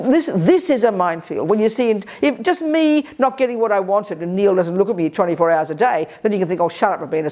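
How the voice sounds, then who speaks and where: A woman teaching at a Buddhist retreat. She talks in a sharp, energetic, emphatic way and often breaks off to restart her sentences. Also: medium pitch. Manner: quick restarts and self-corrections. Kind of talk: retreat dharma talk. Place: retreat center.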